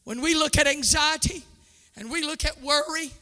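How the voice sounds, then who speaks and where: A woman pastor preaching a sermon with a sing-song cadence, rising to bursts of shouting and laughing now and then. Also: high voice, normal speed, long reverb tail. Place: church sanctuary.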